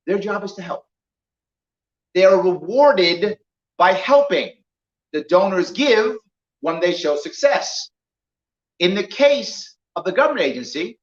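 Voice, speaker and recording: A man speaking as a political candidate to a small crowd, an animated storyteller who acts out dialogue as he makes his points. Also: sits high. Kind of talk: campaign talk with acted-out anecdotes. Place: indoor venue, roomy. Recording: echoey room, dull lo-fi sound.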